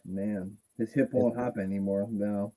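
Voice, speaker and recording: A man's voice: on the low side, steady tone, a little slow, mellow, poor audio. A man hosting a casual wrestling podcast who jokes and laughs often. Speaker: podcast host.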